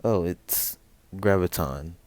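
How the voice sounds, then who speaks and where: A shy, friendly young woman, hesitant and polite, played by a young man telling a fan story. The voice stays very low and deep, recorded dry and close. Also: slow pace, darkish tone, no echo.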